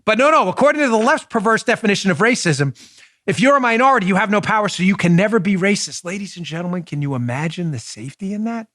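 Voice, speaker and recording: A man hosting a political talk show, delivering animated, mocking commentary with big swings in his voice. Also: sits high, quick pace, no echo, studio quality. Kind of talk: opinionated commentary.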